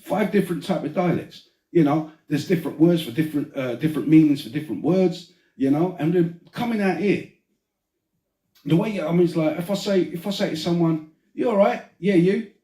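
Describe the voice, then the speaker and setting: A man's voice: a little high, fairly quick, warm tone. A London man hosting a podcast, chatting casually with swearing and laughing banter. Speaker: podcast host. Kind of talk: casual chat. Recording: roomy, mic at a distance.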